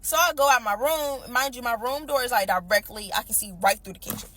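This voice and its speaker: A woman's voice: on the high side, fairly quick, fairly bright tone, a little hiss or hum. A young woman chattily retelling a family story in a casual, slangy way, full of fillers.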